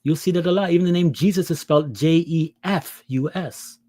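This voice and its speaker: A man's voice: a little high, fairly quick, warm tone, no room sound. A man preaching an impassioned scripture lesson, pressing his listeners with rhetorical questions. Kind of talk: impassioned religious teaching.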